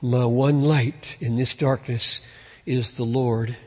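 A man preaching an expository sermon, earnest, building to emphatic peaks and then dropping low. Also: steady tone, slow, a little mellow, big-room sound. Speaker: pastor.

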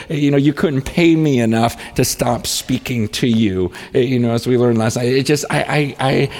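Earnest male pastor preaching to an audience in a large hall, halting restarts, long reverb trailing each phrase. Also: medium pitch, a little mellow. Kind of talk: sermon.

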